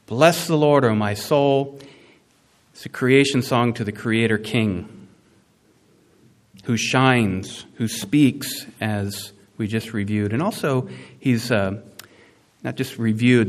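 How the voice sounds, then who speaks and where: A man preaching a sermon, animated and conversational, with asides and emphatic rising peaks. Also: mid-range voice. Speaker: pastor.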